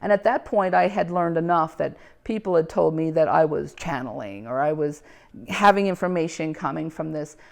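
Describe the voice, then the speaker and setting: Woman, gravelly, animated storyteller who plays out the dialogue. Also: low-pitched, normal speed. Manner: animated, acts out quoted dialogue, frequent laughs. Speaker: speaker telling her own story. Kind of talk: casual personal storytelling.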